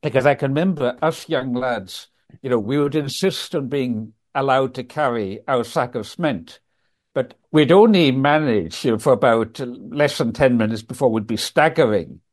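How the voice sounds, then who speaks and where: A man's voice: medium pitch, moderate pace. An older man, telling stories as an interview guest over a video call from his office, thoughtful and full of ums and restarts. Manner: reflective, frequent ums and restarts. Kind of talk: storytelling in a conversational interview.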